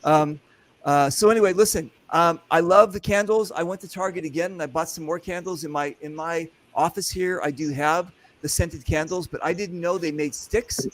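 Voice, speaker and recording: A man's voice: on the high side, steady tone, moderate pace, no room sound. A man hosting a casual live chat, telling long rambling stories with plenty of profanity. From California. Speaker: host.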